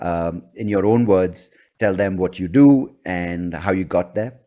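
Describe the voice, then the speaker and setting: A man hosting a podcast, a comedian who talks in an animated, opinionated way and often jokes. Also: low-pitched. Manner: animated, opinionated, quick to joke. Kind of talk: casual conversation.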